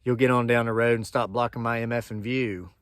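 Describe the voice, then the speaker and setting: A crotchety old man bellows from his porch, gruff and hostile, as a man quotes him in his story. The voice rises in pitch and gets louder when he yells. It is recorded close and dry. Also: fairly even intonation, a little fast, dry recording, lightly acted. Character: mean, cussing old man yelling from a porch.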